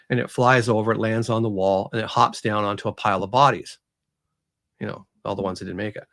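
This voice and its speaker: A man with a lowish voice talks fast as an author guest on an interview show. He retells a story casually and with animation, acting out its characters.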